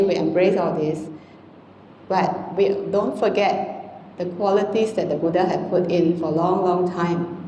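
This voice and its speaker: A Buddhist nun, giving an informal, conversational dhamma talk to a congregation, often adding "you know" and "ah". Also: female voice, on the low side, slight background noise. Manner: conversational and gentle, frequent "you know" and "ah" tags. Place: temple hall. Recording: echoey hall with long reverb, faint ambience.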